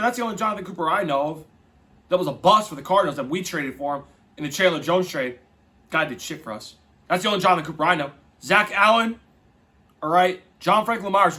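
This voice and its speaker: On his casual football podcast, a young male host launches into an exasperated rant, emphatic and full of profanity. His voice is high, bright and forceful.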